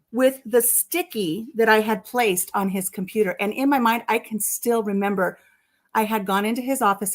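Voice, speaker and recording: A chatty woman with a slightly high voice hosts a relaxed live stream. She reads out viewer comments and answers them one by one, and drifts into a story with soft asides. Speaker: vlogger hosting a live stream. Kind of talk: casual live-stream chat.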